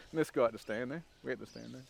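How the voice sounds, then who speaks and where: A gravelly-voiced man in his fifties tells a documentary interviewer about his recruit days in a casual, wry, rambling way. His pitch is ordinary for a man. Faint outdoor ambience with birds sits behind him. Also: quick pace, a little hiss or hum. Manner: casual, wry storytelling with frequent "um" and "and". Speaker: former army recruit, interviewee. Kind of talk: documentary interview, anecdotal recollection.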